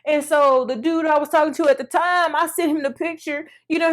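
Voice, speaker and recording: A woman in her thirties tells her own story to the camera in a loose, animated way, calling out to her viewers. Her voice sits a little high, and she keeps it chatty and personal even when the subject turns heavy. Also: fairly quick, few pauses. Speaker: vlogger.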